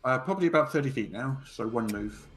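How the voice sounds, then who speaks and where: A man narrating as game master of a tabletop role-playing game in an easygoing, relaxed way. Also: medium pitch, fast.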